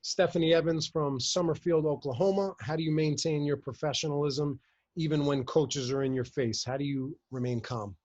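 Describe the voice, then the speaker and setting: A man's voice: fairly high pitch, fairly even intonation, normal speed, a little mellow. A man hosting a podcast, reading listener questions and giving brief encouraging replies. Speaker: podcast host. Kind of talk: podcast interview. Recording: dull lo-fi audio.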